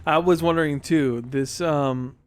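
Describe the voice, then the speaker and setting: A young man co-hosting a podcast, talking in a relaxed, rambling way with lots of fillers. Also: on the high side, a little slow, clear, resonant tone. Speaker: podcast co-host. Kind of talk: casual chat.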